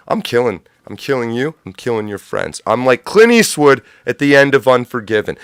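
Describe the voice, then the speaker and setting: A man's voice: mid-range voice, animated, normal speed, hardly any pauses, fairly bright tone, clean tone, no room sound, studio quality. Profane ranting livestream host, man. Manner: profane, sarcastic, rambling. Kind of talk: unscripted livestream rant.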